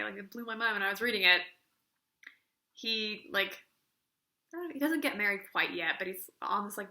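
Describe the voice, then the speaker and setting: A woman's voice: fairly high pitch, sharp tone. A woman reviewing books in a casual video, sarcastic and rambling, filling her talk with "like". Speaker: book reviewer. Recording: echoey room.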